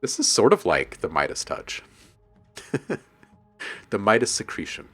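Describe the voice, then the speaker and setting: A man's voice: on the low side, huge pitch swings, a little slow, fairly bright tone. A man hosting a casual live stream about making music, joking with his chat, reading their messages aloud and laughing often. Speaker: livestream host and music producer.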